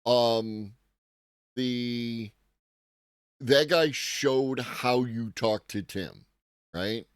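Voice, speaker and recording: A man's voice: medium pitch, drawn-out words, pauses often, clean tone, dry recording, studio quality. A man hosting a live tech-news commentary stream, talking casually and profanely with a rambling manner while greeting chat viewers.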